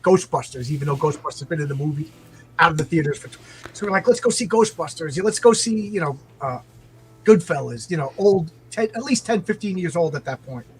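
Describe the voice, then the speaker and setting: A middle-aged man from New York telling a story in loose conversation. He rambles, stacks up "like" and restarts, and his voice sits a touch high for a man, with faint ambience behind him. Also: a bit bright, slight background noise, poor audio.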